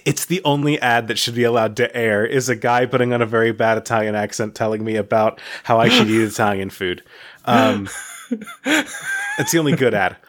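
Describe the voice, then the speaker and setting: A man co-hosting a podcast in casual chat, telling long rambling anecdotes full of "like" and restarts, laughing as he talks. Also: mid-range voice. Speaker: podcast co-host.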